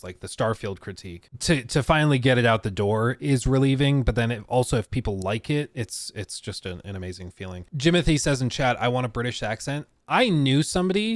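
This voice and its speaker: A man's voice: mid-range voice, no room sound, studio quality. A man streaming live, telling a rambling story in casual chat and laughing often. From Colorado, USA. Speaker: streamer reacting to an interview.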